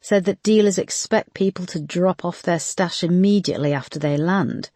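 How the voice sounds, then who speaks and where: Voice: mid-range voice, moderate pace, dark tone, no echo, natural voice. A no-nonsense woman in charge of a murder squad, curt and firm in her briefings, as an audiobook narrator plays her. The recording is dry and close. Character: female detective chief, brisk, no-nonsense.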